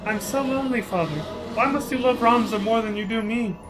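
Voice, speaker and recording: A man's voice: high voice, animated, a little fast, music in the background. A man reading the lines of a frail young woman from a game, earnest and solemn. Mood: eerie. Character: frail young woman, sister, eerie and yearning. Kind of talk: reading game dialogue aloud.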